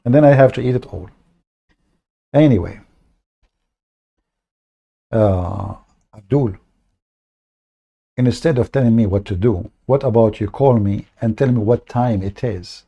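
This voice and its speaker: A man hosting an online debate livestream, speaking in a mocking, sarcastic way with many halting fillers. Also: mid-range voice, creaky, mellow, husky. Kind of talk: livestream commentary.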